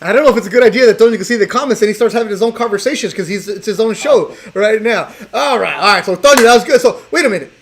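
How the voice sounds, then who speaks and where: Very high-voiced male talk show host. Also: very fast, hardly any pauses. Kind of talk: casual talk show chat.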